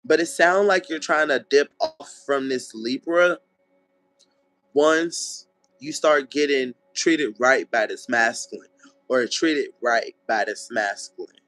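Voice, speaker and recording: A man's voice: mid-range voice, soft background music. A man giving a casual tarot reading. He talks bluntly and swears, and he acts out what people might say. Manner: animated, acts out people's lines in quick voices; blunt and profane, checks in with "okay?". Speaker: tarot reader.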